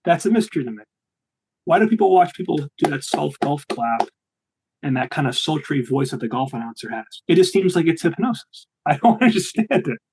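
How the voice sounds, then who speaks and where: A man's voice: on the high side, big pitch swings, fairly quick, a little mellow, slight background noise, rough recording. A young man, talking as a guest in a casual interview, rambling with frequent restarts.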